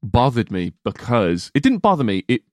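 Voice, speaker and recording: A man co-hosting a casual film podcast, explaining scenes in animated, sweary bursts. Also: mid-range voice, normal speed, no room sound, clean studio sound. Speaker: podcast co-host. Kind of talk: casual film review chat.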